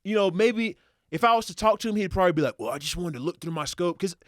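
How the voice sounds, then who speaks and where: A man as a podcast guest, telling a hunting story in casual, animated and profane style, acting out quotes. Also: sits high, quick pace, no room sound, clean studio sound. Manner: animated, profane, excitable retelling with acted quotes.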